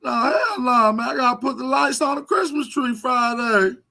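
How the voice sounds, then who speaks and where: A man mimicking a whiny rival who sounds about to cry, with a high, crying whine. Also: moderate pace, vocal fry, pushed and bright, full character voice. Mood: whining.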